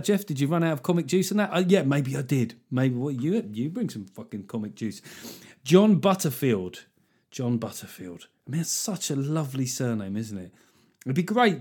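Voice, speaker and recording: A man's voice: medium pitch, a little mellow. Male comedy podcast host, dry sarcastic riffs, plenty of swearing. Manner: sweary, sardonic riffing with mock voices. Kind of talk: solo comedic podcast monologue.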